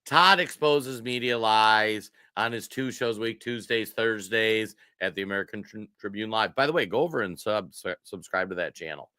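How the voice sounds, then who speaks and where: A man's voice: on the low side, normal speed, few pauses, bright, forceful tone, clear, resonant tone, no room sound, studio quality. A man co-hosting a political talk show, talking casually with mocking emphasis and frequent laughter. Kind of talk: casual commentary.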